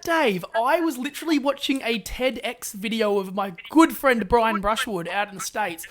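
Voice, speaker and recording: A man co-hosting a casual podcast, jumping in eagerly with tips and talking in an animated, enthusiastic way. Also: very high voice. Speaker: podcast co-host.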